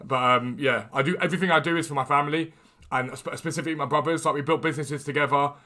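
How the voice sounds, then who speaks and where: A man's voice: fairly high pitch, fast talker. A young man streaming a video game, talking casually and energetically to his viewers. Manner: energetic and chatty. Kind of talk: casual live-stream talk.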